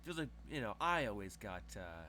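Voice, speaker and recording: A man's voice: on the low side, sing-song, moderate pace, bright, forceful tone, a little hiss or hum. A man voicing a haughty, wealthy woman who talks down to everyone in a condescending drawl. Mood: dismissive.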